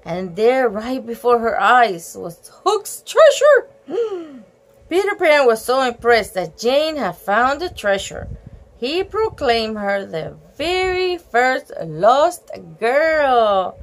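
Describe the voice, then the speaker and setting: A woman reading a picture book aloud and stopping often to gasp and chat about the pictures. Her voice is high and very lively in pitch. She reads at an unhurried pace. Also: rough recording. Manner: animated, gasps and exclaims over the pictures. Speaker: storybook reader.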